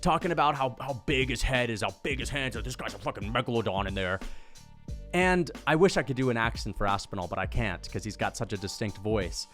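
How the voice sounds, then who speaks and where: A man giving casual, excitable MMA commentary with profanity and slang. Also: medium pitch, fairly quick, faint music behind.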